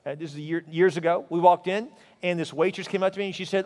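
A man preaching a sermon as pastor, telling stories in an animated way. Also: quick pace, long reverb tail. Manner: animated storytelling, voice rising high in anecdotes.

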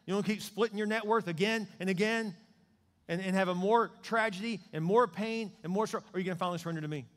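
A man's voice: sits high, quick pace, a bit bright, voice pushed up. A man voicing God as a stern, sarcastic male figure who scolds a believer in a reverberant church hall. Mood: scolding. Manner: blunt, sarcastic questioning.

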